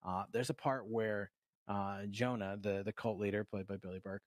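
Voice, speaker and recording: A man's voice: lowish voice, level tone, normal speed, dry recording. A man co-hosting a casual movie review podcast, talking in a rambling way with many fillers, restarts and swearing. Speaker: podcast co-host.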